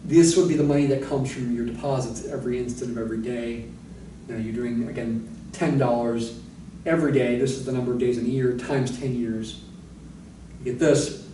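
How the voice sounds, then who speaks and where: A man's voice: mid-range voice, steady tone, brisk, dark tone, recorded from a distance, a little hiss or hum. A man lecturing on mathematics, explaining step by step and thinking aloud with asides. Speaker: math lecturer. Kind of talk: recorded university lecture. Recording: echoey room, voice a little off-mic.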